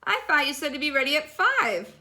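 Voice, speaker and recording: A woman's voice: high-pitched, very animated, a little fast, sharp tone, exaggerated voice. A woman voicing a clever, cheerful little male pig in a storybook reading, cheeky and confident.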